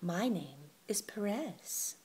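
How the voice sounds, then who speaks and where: A woman voicing a gentle, shy male mouse in a storybook reading, soft and warm. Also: medium pitch, lively intonation, slow pace, breathy edge, full character voice. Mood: tender.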